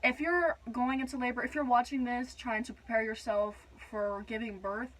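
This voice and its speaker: A woman's voice: a little high, fairly even intonation, moderate pace, fairly bright tone, rough recording. A young woman casually telling her birth story in a vlog, rambling with lots of fillers. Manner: rambling, many "like" and "whatnot" fillers.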